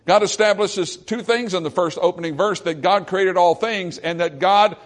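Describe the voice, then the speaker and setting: A male pastor preaching a sermon, swinging from forceful emphasis to hushed, quiet lines. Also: sits high, normal speed.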